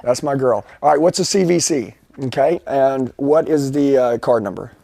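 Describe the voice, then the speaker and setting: A man making a persuasive sales pitch over the phone, pushy and reassuring, repeating his promises. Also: moderate pace, creaky, dark tone, no echo. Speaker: sales trainer on a live sales call.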